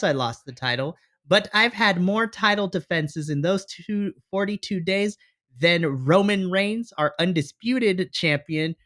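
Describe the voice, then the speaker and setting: This male co-host's voice is fairly high, pushed and bright. He's casually reviewing a wrestling show on his podcast, animated throughout and acting out his reactions.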